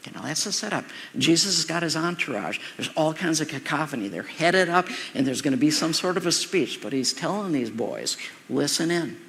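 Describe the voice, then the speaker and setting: A man's voice: fairly high pitch, lively intonation, fairly quick, fairly bright tone, long reverb tail. A man preaching a sermon in a loose, conversational way, with asides and repeated words. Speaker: pastor.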